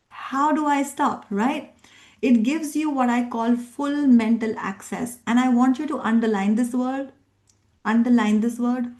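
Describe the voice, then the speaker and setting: This woman speaks in a mellow, rather high voice while running a live workshop. She's a middle-aged NLP coach and trainer who immigrated to Australia, and she keeps her group engaged with emphatic repetition and questions.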